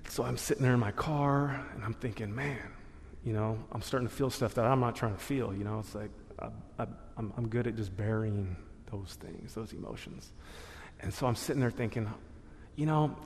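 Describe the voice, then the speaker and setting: A man's voice: fairly low pitch, a little fast, vocal fry, slight background noise. A man giving a church testimony in a loose, casual storytelling way, full of slang and laughing at himself. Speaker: guest speaker sharing testimony. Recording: long hall reverb.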